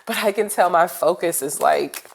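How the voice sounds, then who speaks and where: A woman's voice: lowish voice, normal speed, gravelly, a little hiss or hum. A woman with a cold giving a casual tarot reading, speaking straight to her viewers in a chatty, rambling way with plenty of fillers. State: congested with a cold. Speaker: tarot reader.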